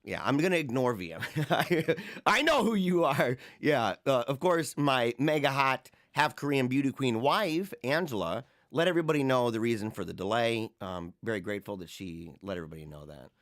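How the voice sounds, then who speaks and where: Reading viewer comments on his livestream show, a married adult father of young children rambles in casual chat, often mocking and laughing. He speaks at a normal speed in an expressive, medium-pitched voice that's a bit bright.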